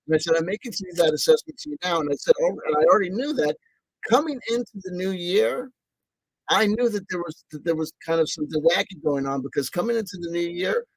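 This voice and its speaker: Rambling excitable man, dry close sound. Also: sits high, fairly quick, dry recording. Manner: excitable, repeats himself, swears; self-mocking, laughing asides. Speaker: vlogger. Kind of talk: rambling casual monologue.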